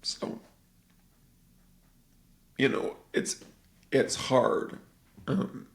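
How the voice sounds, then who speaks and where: A man hosting a podcast, casually and excitedly retelling a film with lots of "like" fillers. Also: mid-range voice, extremely slow, gravelly. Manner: rambling, animated movie retelling full of "like". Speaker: podcast host.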